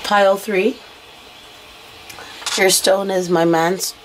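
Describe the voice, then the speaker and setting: Woman, tarot reader, tired worn voice, slow rambling delivery, lowish pitch, faint background hiss. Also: steady tone, low-quality recording. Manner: intuitive, rambling, mutters what she hears. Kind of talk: casual tarot reading to camera.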